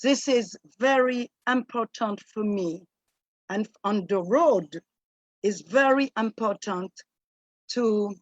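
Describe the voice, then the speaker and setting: Slow, halting French-accented woman. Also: mid-range voice, dry recording, highs cut off. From Martinique. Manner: halting, searching for words, earnest. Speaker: guest singer. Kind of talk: casual remarks on a video call.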